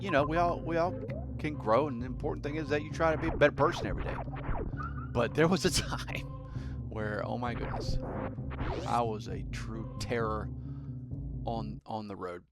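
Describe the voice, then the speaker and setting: A man chatting casually while playing a game, soft-spoken and halting, with many restarts. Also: medium pitch, music in the background, low-quality recording. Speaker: gaming streamer. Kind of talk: casual let's-play chat.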